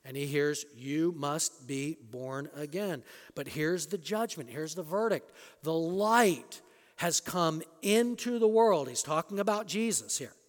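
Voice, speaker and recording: A man's voice: expressive, unhurried. Emphatic male preacher in a reverberant hall. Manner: emphatic, rising to loud peaks, then drops low. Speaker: pastor. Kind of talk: sermon. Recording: long reverb of a large hall.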